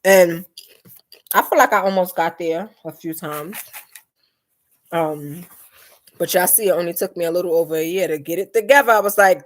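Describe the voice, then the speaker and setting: A young woman hosts a late-night live stream, chatting in a lively, animated way. Her voice sits at an average pitch, and she jumps between loud bursts and quiet asides. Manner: lively, chatty, quick mood swings, acts out her mom's lines. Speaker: live-stream host reading chat. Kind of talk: casual chat.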